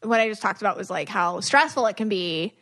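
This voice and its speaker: A woman's voice: mid-range voice, lively intonation, fairly quick, a bit bright. A woman co-hosting a podcast in casual chat, teasing her co-host and asking probing questions, recorded at a dining room table.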